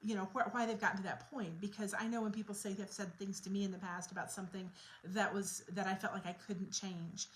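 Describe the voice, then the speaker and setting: A woman coach speaks straight to camera in a casual, unscripted way. She sounds earnest and reflective, working her thoughts out as she goes. Her pitch sits in an ordinary middle range. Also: steady tone, fast talker, hardly any pauses, slight background noise, low-quality recording. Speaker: quit-smoking coach.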